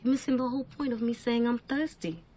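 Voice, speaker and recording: A man's voice: extremely high pitch, fast talker, dark tone, voice pushed up. A man voicing an exasperated young woman who insists on sympathy and lectures her boyfriend.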